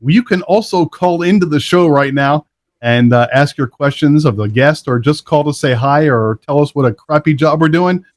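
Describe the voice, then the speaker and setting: A man's voice: fairly high pitch, moderate pace. A middle-aged man hosting a live internet talk show in a casual, upbeat, chatty way. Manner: upbeat, chatty, laughs often. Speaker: show host.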